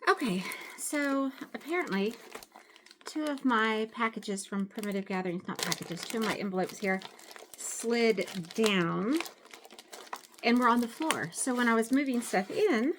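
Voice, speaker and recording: Her voice is on the high side and a bit bright, with slight hiss or hum in the recording. This middle-aged craft vlogger chats casually at home, showing off her supplies in a rambling show-and-tell peppered with fillers and self-corrections.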